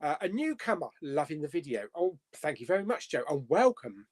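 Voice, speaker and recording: Man, young adult, live-stream host, casual and jokey, somewhat high-pitched. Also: very animated, a little fast. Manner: chatty, laughs often, jokey. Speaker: host of a live movie chat show. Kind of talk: casual live-stream chat, reading viewer comments.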